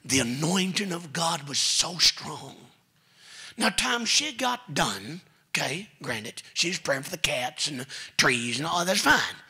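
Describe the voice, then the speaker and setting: A man preaching a sermon in a church, his voice raspy and sharply bright. He speaks with a drawl and tells homely family stories, voicing each relative as he goes. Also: fairly high pitch, very animated, measured pace. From Texas. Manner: folksy storytelling preacher, quotes family members. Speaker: pastor. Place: church sanctuary.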